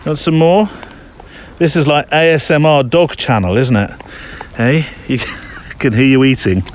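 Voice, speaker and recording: A man's voice: medium pitch, measured pace, a little hiss or hum. Chatty man walking his dog. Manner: chatty, self-mocking, talks to his dog between thoughts. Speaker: podcast host. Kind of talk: casual rambling monologue on a walk. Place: outdoors on a muddy countryside walk.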